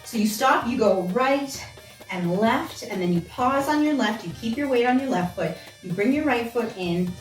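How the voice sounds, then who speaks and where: A woman's voice: on the high side, lively intonation, normal speed. A woman teaching a belly dance class, chatting casually and counting out steps as she demonstrates. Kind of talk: instructional dance lesson. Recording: roomy sound from a distance, music behind.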